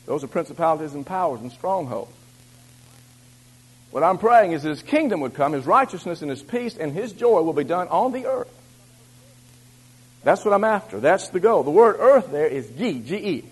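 A man preaching a sermon, shifting between loud exhortation and low, confiding asides. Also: big pitch swings, normal speed, pauses often, husky, poor audio.

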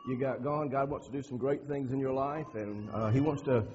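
A man's voice: medium pitch, steady tone, fairly quick, darkish tone, dull audio, a little hiss or hum. A man pastor giving a sermon in a church, folksy, repeating phrases and building to emphatic preaching. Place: church sanctuary.

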